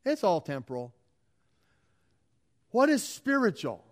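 A man's voice: high-pitched, huge pitch swings, slow pace. A middle-aged man preaching a sermon as pastor, building emphasis through repeated phrases.

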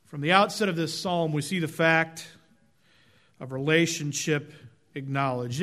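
Male preacher giving a sermon, slightly high voice, measured and emphatic. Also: fairly bright tone. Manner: measured, emphatic, drops low at phrase ends.

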